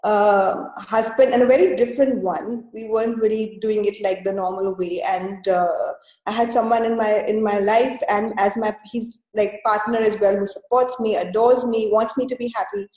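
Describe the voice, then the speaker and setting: A woman's voice: mid-range voice, steady tone, moderate pace, dark tone, echoey room, poor audio. A woman guest telling her own story in an interview, hesitant and full of fillers and restarts. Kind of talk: conversational storytelling.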